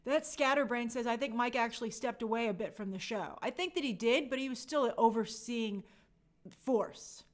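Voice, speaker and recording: Lively young woman chatting casually. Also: a little high, normal speed. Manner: animated, acts out quotes in playful voices. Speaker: show host reading viewer comments. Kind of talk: casual live chat review.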